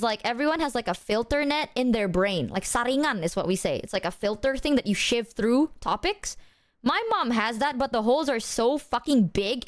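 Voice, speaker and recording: High, lively woman streamer rambling. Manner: rambling, swears, slangy. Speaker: livestreamer. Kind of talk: casual stream chat.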